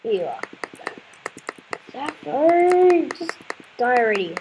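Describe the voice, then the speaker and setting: High-voiced woman gamer, exasperated. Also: slow pace, background noise. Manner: exclaims and repeats words in frustration. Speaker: let's play gamer. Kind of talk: casual gameplay commentary.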